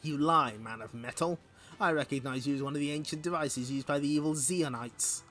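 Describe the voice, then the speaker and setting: A man's voice: fairly high pitch, a little fast, a bit bright, soft background music, lightly acted. A man voicing a proud, suspicious young male warrior with a haughty, accusing manner. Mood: hostile.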